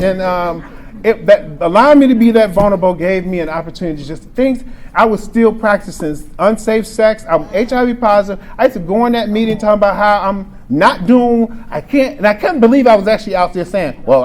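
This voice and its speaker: A man in his forties speaks in a convention meeting room, giving a candid, emotional account of his recovery and frequently starting his sentences over. His voice sits high with a darkish tone, and there's slight background noise.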